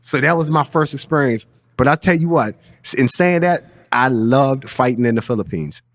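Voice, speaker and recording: A man's voice: medium pitch, animated, moderate pace. A man, a fighter and coach, telling rambling, profane stories as a guest on a podcast in a studio. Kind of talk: casual storytelling.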